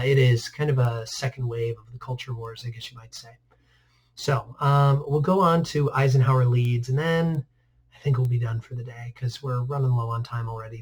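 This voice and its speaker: A man teaching a recorded history lesson in a relaxed, conversational way, filling pauses with frequent "uh"s. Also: mid-range voice. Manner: relaxed, many "uh" fillers, conversational asides. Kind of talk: recorded class lecture over slides.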